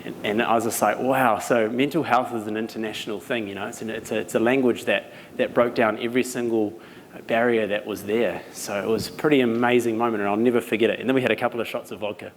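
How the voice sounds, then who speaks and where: A young New Zealand man gives a lively storytelling talk to a live audience, laughing between anecdotes. His voice is recorded in a reverberant hall with a long echo tail and a faint wash of background noise. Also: lowish voice, fast. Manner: animated, laughing as he tells stories. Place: event venue.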